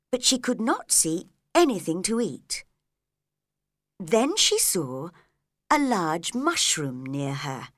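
A woman narrating a children's story at an unhurried pace, her voice rising and falling with plenty of melody. The recording is close and dry, with no room sound. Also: mid-range voice, no room sound. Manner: slow, clear, expressive reading.

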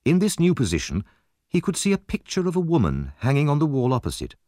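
A man narrating a story as an audiobook, with expressive, lively storytelling. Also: a little high, quick pace, no room sound, studio quality.

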